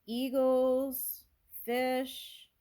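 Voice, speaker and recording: A woman's voice: sits high, level tone, extremely slow, mellow. A woman doing a casual tarot reading, thinking aloud and musing over each card with small exclamations. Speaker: tarot reader.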